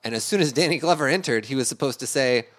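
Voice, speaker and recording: A man's voice: medium pitch, quick pace. A man on a comedy podcast, telling self-deprecating anecdotes about himself. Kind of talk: comedic podcast banter, storytelling.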